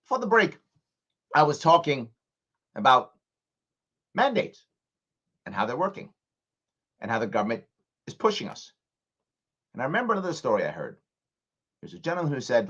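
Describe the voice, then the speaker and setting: A male host of a live call-in radio talk show, talking emphatically and swinging between loud punches and hushed asides. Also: medium pitch, huge pitch swings, moderate pace, long pauses, dull audio.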